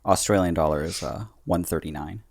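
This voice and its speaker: A man's voice: deep voice, brisk, no room sound, studio quality. A man co-hosting a casual podcast chat who jokes around, laughs a lot and swears freely. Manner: giggly, joking, swears freely. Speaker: podcast co-host. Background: faint theme music.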